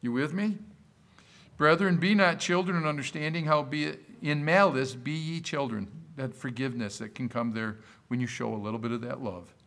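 A pastor preaching a sermon to his congregation, quoting scripture in a lively voice and putting questions to the room. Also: medium pitch, normal speed. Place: church service.

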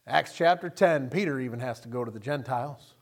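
A man preaching a sermon, telling Bible stories with animated delivery and acting out the characters. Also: mid-range voice, fairly quick, vocal fry. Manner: animated storytelling, acting out scenes in character voices.

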